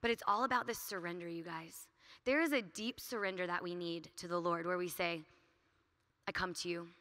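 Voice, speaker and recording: A woman giving an earnest, energetic talk at a youth conference, speaking quickly and casually with frequent "like" and "right?". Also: fairly low pitch.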